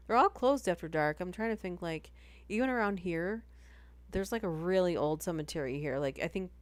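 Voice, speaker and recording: A woman's voice: lowish voice, expressive, moderate pace, no echo. A woman streaming, chatting casually between horror story readings, giggly and full of "like". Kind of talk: casual livestream chat.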